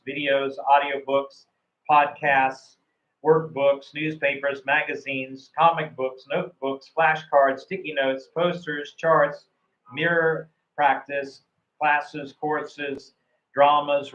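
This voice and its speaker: A man's voice: medium pitch, fairly bright tone, highs cut off. Encouraging male English teacher, roomy sound. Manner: encouraging, many fillers and restarts. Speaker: English teacher and mock examiner. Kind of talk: online teaching and mock speaking test.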